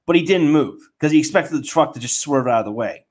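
A man's voice: a little high, expressive, quick pace. Rambling man from upstate New York. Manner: rambling storyteller, many fillers, profane. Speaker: podcast co-host. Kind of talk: casual chat.

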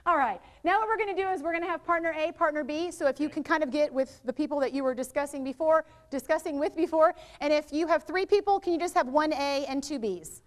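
A woman presenting a literacy workshop to teachers, lively and quizzing her live audience with questions. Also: high-pitched, fairly quick. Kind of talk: interactive teacher training workshop. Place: training room with live audience.

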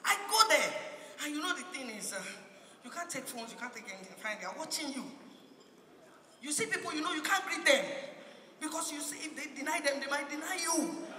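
A woman's voice: sits high, expressive, fairly quick, echoey room, in a large hall, far from the mic, background noise. A woman with a Nigerian accent doing stand-up comedy, confiding in the audience in a playful way.

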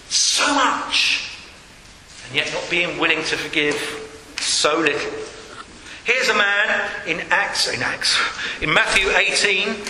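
Earnest pastor in an echoey church. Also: male voice, high-pitched, bright, forceful tone, a little hiss or hum. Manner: earnest preaching, reads scripture aloud with acted quotes. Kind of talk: sermon. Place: church hall. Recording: echoey church hall with long reverb.

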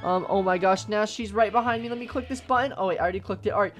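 A young woman giving excitable let's-play commentary, often shrieking and gasping. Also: mid-range voice, very fast, faint music behind. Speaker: gaming YouTuber.

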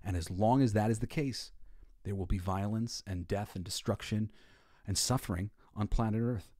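A man hosting a podcast and giving casual, emotional commentary. He swings between soft, heartfelt stretches and loud, excited bursts. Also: fairly low pitch, moderate pace, no room sound, clean studio sound. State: tearful. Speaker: podcast host.

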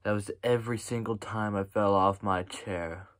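A man's voice: lowish voice, fairly even intonation, moderate pace, a bit bright, no echo. A man making a mock-serious apology vlog, sighing often and putting on a sad, sniffly delivery as a YouTuber speaking to his viewers.

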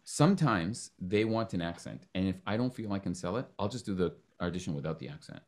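A man's voice: deep voice, animated, brisk. A man hosting a podcast in a casual, joking chat who swears freely. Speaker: podcast host.

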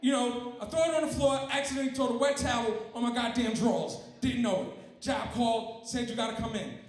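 A man's voice: extremely high pitch, brisk. A man doing a profane, punchy stand-up routine. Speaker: comedian. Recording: very echoey room with faint crowd.

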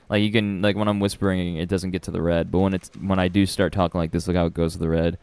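A man's voice: low voice, steady tone, quick pace, hardly any pauses, smooth, no echo. Nervous young man streaming a horror game. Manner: nervous, rambling, laughs often. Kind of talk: live gameplay commentary.

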